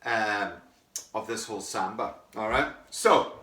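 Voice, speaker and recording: A man's voice: fairly low pitch, a little slow, pushed and bright. A man teaching a percussion lesson, explaining rhythms step by step in an encouraging way. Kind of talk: music lesson. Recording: echoey room with mic far off, clear background noise.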